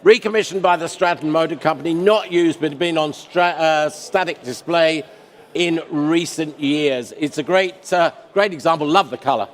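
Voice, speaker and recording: A man presenting cars at an auction, describing each lot in a relaxed, chatty way and joking with the auctioneer. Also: a little high, moderate pace. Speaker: car specialist presenting lots. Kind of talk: live auction lot commentary. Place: large exhibition hall auction room. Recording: long hall reverb.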